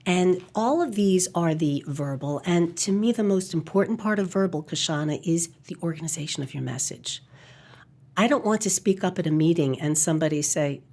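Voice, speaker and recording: A woman's voice: lowish voice, normal speed, darkish tone. A middle-aged woman, a communication coach, speaking as a guest in a podcast interview, articulate and emphatic.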